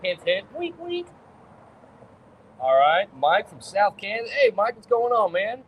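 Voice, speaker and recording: A chatty, upbeat man hosts a casual livestream with a fairly high voice. He greets viewers and hands out shout-outs. Faint street and traffic noise sits behind him. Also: huge pitch swings, unhurried, rough recording. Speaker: host.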